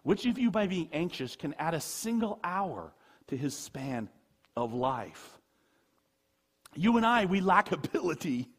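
A man preaching a sermon, animated, with laughing asides, acting out quoted voices. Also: on the high side, measured pace, husky. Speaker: pastor.

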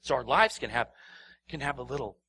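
A man preaching a sermon as pastor. He swings between loud, emphatic lines and hushed near-whispers, laughs often, and repeats phrases for effect. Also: medium pitch, animated, brisk, vocal fry.

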